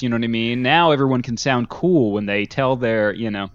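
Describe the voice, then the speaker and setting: A man's voice: medium pitch, brisk, hardly any pauses, highs cut off. A man co-hosting a casual podcast chat, joking and laughing often. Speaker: podcast co-host.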